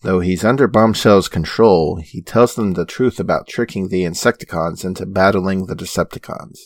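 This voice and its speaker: A male podcast co-host recaps plot points in a low, steady voice with a dry sense of humor. His delivery stays even and matter-of-fact. The close mic gives little room sound. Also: normal speed, dry recording. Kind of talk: reading episode recap in casual chat.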